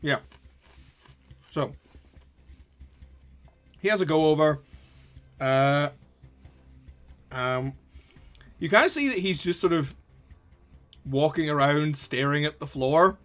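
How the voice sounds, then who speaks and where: A man's voice: on the high side, expressive, takes it slowly, long pauses, fairly bright tone, faint music behind. A man narrating and running a tabletop game, casual and swearing often. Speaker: game master.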